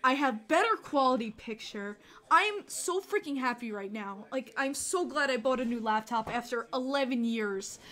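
A woman hosting a casual livestream, excitable and chatty, laughing often and swearing casually. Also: high voice, moderate pace. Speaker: livestream host.

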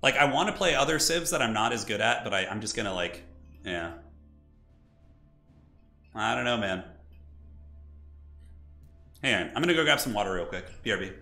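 A man streams his own match, hoarse and slightly rough from a chest cold, with a bright, forward tone. He talks things through aloud as he plays and breaks off to answer viewers. Quiet music runs underneath. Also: fairly low pitch, lively intonation, moderate pace, long pauses. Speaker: game streamer. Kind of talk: live gameplay commentary and chat replies.

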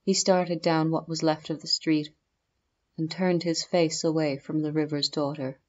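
Brief: female audiobook narrator, deep low register, steady storytelling pace, dull lo-fi sound. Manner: measured storytelling delivery.

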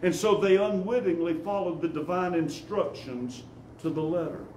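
A man preaching a sermon, reading scripture as a dramatic story and dropping low and quiet on solemn lines. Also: fairly even intonation, moderate pace, slight background noise. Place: church sanctuary. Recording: echoey church room, faint ambience.

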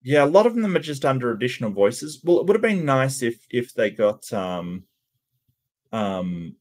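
A man's voice: mid-range voice, big pitch swings, normal speed, a little mellow. A man hosting a channel, giving casual reaction commentary in a hesitant way, with lots of stammered restarts and ums. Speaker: channel host reacting to cartoon clips.

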